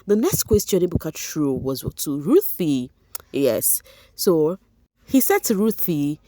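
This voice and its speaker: A woman with a Nigerian accent, running an animated, chatty gossip commentary with a tired voice and bits of pidgin. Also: fairly low pitch, moderate pace, dry recording. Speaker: vlogger. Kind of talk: reality show gossip commentary.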